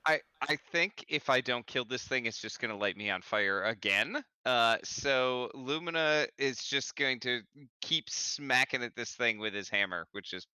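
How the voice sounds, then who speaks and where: A man playing a tabletop game, talking hesitantly with many pauses and ums. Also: mid-range voice, sharp tone, clean tone, no echo. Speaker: player. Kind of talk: casual tabletop game play.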